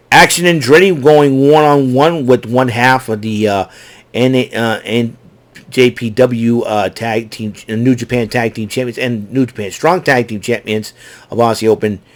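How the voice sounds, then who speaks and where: In a mid-range voice, a man recaps a wrestling show as an enthusiastic fan, talking casually and without a script. He halts often, filling gaps with fillers and restarting sentences.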